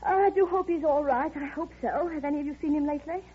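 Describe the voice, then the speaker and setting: A woman's voice: sits high, fast, close to an everyday voice. An actress playing a gushing, flighty, theatrical society woman in a dull old radio drama. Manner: effusive, breathless, theatrical. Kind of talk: 1930s radio acting.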